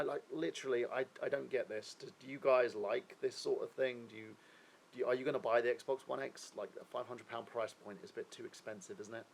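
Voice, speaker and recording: Rambling gravelly man chatting on a stream. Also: mid-range voice, slight background noise, poor audio. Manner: rambling, opinionated, asks viewers questions. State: unwell. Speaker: live stream host. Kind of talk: casual live-stream chat.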